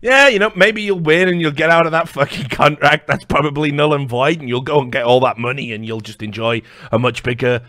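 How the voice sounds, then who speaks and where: A man's voice: on the high side, fairly even intonation, a little fast, few pauses, sharp tone, no room sound, studio quality. A man reacting to a video on a live stream, mocking and sarcastic, swearing often.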